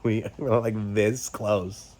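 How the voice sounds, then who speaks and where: A man's voice: fairly low pitch, steady tone, darkish tone, a little hiss or hum. Heated middle-aged man venting on a vlog. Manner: agitated, swearing, halting with many fillers. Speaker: YouTube host. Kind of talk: candid personal vlog rant.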